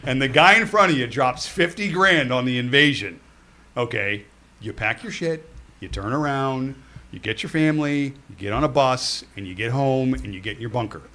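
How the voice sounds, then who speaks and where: A man's voice: medium pitch, expressive, moderate pace, bright, forceful tone. Playful man co-hosting a sports show. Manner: storytelling with hypotheticals, playful. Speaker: co-host. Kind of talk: casual sports talk.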